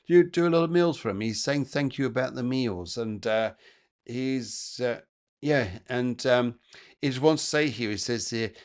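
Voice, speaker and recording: A man in the middle of his range hosts a live psychic reading show. He talks in a chatty, rambling way and gets excitable as he goes. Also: medium pitch. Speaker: psychic medium host.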